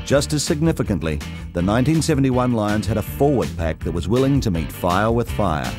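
A man's voice: lowish voice, sing-song, brisk. A man giving scripted documentary narration. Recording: music under voice.

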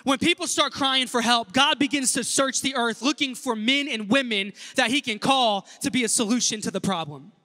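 A man's voice: extremely high pitch, normal speed, hardly any pauses, bright, forceful tone, big-room sound. A male pastor preaching an earnest sermon in a church and speaking directly to the congregation. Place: church sanctuary.

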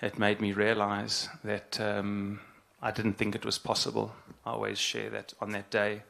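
A middle-aged man, a rabbi, giving an earnest, halting spoken address and repeating phrases for emphasis. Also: lowish voice, completely flat delivery, gravelly, fairly bright tone.

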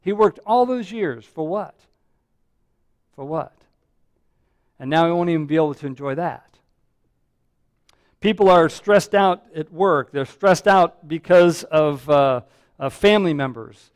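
A man delivers a sermon as pastor in a high voice. He speaks earnestly, repeating himself and restarting phrases. The sound is dry and close, with no room echo. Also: animated, unhurried, long pauses. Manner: earnest, repetitive, frequent restarts and fillers.

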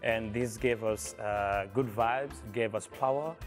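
A man, a musician guest, talking in a casual interview in halting English full of small pauses and fillers. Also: lowish voice, faint music behind.

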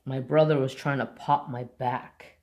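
A man who hosts a crafts channel, casually chatting and rambling about his dogs in an unhurried way. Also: mid-range voice, fairly even intonation, darkish tone. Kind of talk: casual chat.

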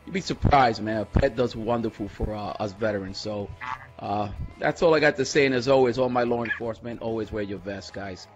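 A man's voice: on the low side, fairly quick, muffled recording, music in the background. A man speaking on a radio roundtable, earnest and hesitant as he encourages other listeners. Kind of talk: casual roundtable radio chat.

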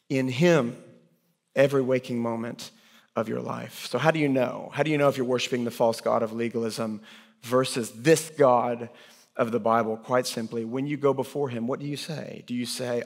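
A man preaches a sermon with earnest conviction, dropping to hushed lines and then rising in emphasis. His voice sits at an ordinary pitch for a man. It carries a long, lingering reverb from a church sanctuary. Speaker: pastor.

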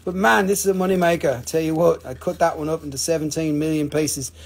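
A man's voice: on the high side, fairly even intonation, fairly quick. A man hosting a live rock auction, chatting casually with joking, playful salesman patter. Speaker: host selling rocks in a live auction.

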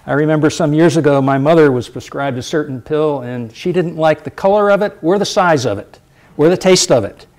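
A middle-aged man giving a public lecture, lively and emphatic, repeating his key points for effect. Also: fairly high pitch, fairly quick.

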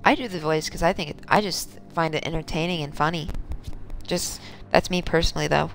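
Brief: woman game streamer, low-ish voice, playful and teasing, relaxed chat with viewers. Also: a little fast, slight background noise. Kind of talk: casual live-stream chat answering viewers.

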